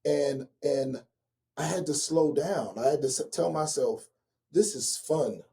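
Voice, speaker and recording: A man in his forties, a guest and relationship coach, telling personal stories slowly and earnestly and turning lively for the funny parts. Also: a little high, gravelly. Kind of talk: reflective personal storytelling.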